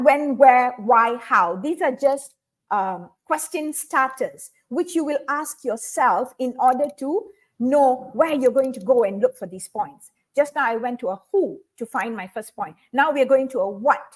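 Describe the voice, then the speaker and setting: A woman teaching speech skills in an online webinar, explaining step by step and often saying "okay". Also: sits high. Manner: instructive, repeats key points, frequent "okay".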